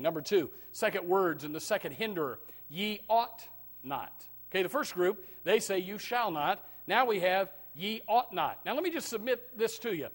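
High-pitched pastor guy preaching, goes from shouting to quiet asides, says amen a lot. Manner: swings from loud preaching to low, quiet asides, calls of amen; repeats words when starting sentences. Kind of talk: sermon.

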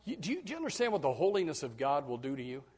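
A man's voice: a little high, huge pitch swings, rapid-fire, a little mellow. A man preaching a sermon to his congregation, acting out quoted voices and repeating words as he builds his points. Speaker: pastor.

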